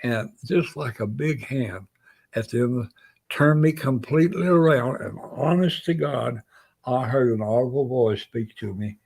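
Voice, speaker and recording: An older man tells his story in a gravelly, mid-pitched voice. He recounts a memory from his Navy days as a guest and lively storyteller, acting out what the other people said. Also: a little slow. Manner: lively storyteller who acts out quoted voices. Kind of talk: spoken anecdote.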